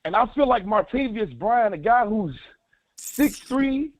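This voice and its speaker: A man's voice: high-pitched, animated, a little slow. A man calling in to a sports show as an eager fan, pressing his points with insistent questions. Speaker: caller. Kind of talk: fan call-in. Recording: tinny phone line.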